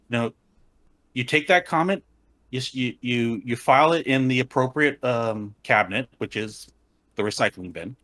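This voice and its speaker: A man's voice: mid-range voice, normal speed, a bit bright. A man on a podcast panel, talking about cosplay in a wry, opinionated, casual way.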